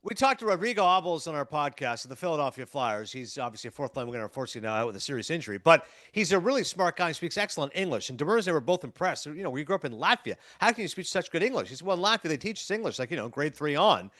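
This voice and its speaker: A man's voice: a little high, big pitch swings, rapid-fire, few pauses, fairly bright tone, no room sound, clean studio sound. A man from Canada, a sports broadcaster guest, telling stories and giving emphatic opinions in casual podcast chat.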